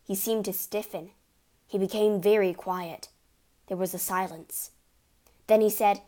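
A woman narrating a children's storybook aloud in a clear, expressive reading. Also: medium pitch, measured pace, long pauses.

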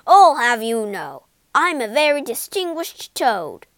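Storybook toad, male, vain and blustering, voiced a little low by a woman. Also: wildly swooping pitch, very slow, no echo, exaggerated voice. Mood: indignant. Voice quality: pompous, blustering. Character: boastful vain male toad, pompous and excitable.

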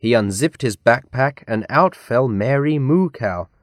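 A man reading a children's picture book aloud as narrator, slow and deliberate. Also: medium pitch, animated, dry recording, studio quality.

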